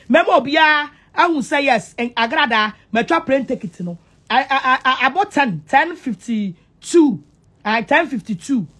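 A woman with a Ghanaian accent delivers a taunting monologue to camera, mocking and repetitive with a sing-song delivery and loud outbursts. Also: sits high.

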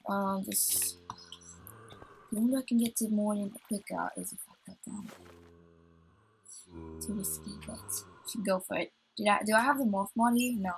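A woman's voice: medium pitch, big pitch swings, moderate pace, creaky, pauses often, slight background noise, rough recording. A woman hosting a let's play, chatting to herself as she plays and getting easily startled. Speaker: gaming channel host.

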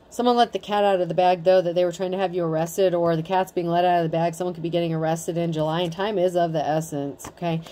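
A woman in her thirties reads tarot in a loose, chatty way. She is blunt and swears freely. Her voice sits low with a warm, mellow tone. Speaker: tarot reader. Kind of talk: casual tarot reading.

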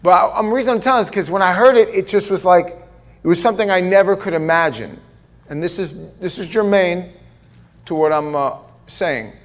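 A man preaching a sermon in a church, telling stories in an animated way and joking at his own expense. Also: on the high side. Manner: animated storytelling with self-deprecating jokes. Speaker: pastor. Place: church sanctuary.

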